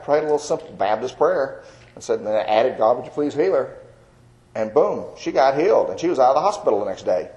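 A man's voice: mid-range voice, dark tone, rough recording. A man, an evangelist giving a folksy, earnest personal testimony sermon.

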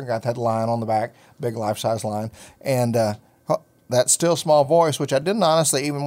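A middle-aged man with a mid-range, darkish voice hosts a ministry talk show. He tells his own faith story in a relaxed, folksy, meandering way, using many fillers.

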